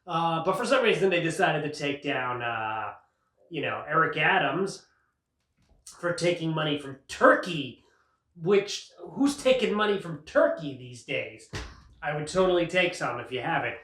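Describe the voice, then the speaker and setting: Rambling and sarcastic, a male comedian leads his show with an expressive, rather bright voice that sits on the high side and moves at a measured pace. He keeps laughing at his own material, and the distant mic leaves a roomy feel.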